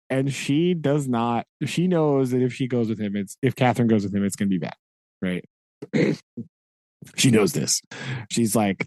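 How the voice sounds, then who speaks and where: A man co-hosting a casual book discussion, animated, acting out the characters' lines as he retells scenes. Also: medium pitch, moderate pace, dry recording. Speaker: podcast co-host.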